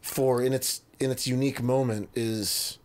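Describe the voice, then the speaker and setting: Co-host, man, mid-pitched voice, dry and joking. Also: fairly even intonation, moderate pace, darkish tone. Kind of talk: casual podcast chat.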